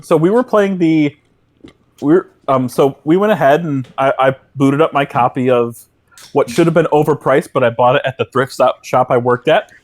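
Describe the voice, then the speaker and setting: A man's voice: medium pitch, normal speed. A man co-hosting a podcast, talking hesitantly with many restarts. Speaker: podcast co-host. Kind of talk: casual podcast chat.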